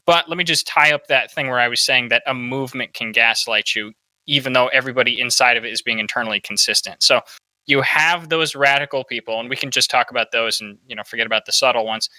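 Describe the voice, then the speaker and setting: On a rough recording with no room sound, a podcast host speaks fast in a medium-pitched, bright, forceful voice. He offers opinionated political commentary, peppering his talk with "right?" again and again.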